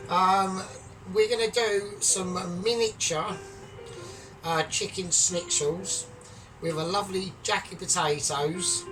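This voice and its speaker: A man with a put-on Scottish accent hosting a casual home cooking vlog, jokey and boastful with loud bursts. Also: high-pitched. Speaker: cooking channel host. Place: home kitchen. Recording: distant mic, music behind.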